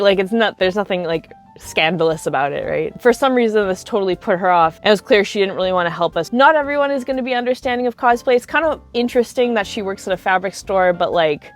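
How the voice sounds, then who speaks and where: Chatty young woman telling stories. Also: lowish voice. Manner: chatty, lots of likes and you-knows. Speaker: cosplay video creator. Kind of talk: casual storytelling to camera.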